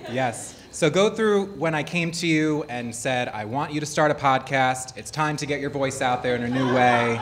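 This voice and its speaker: A man's voice: mid-range voice, normal speed, few pauses. Male podcast co-host, upbeat and eager, live-stage interviewer. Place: sports bar, live show.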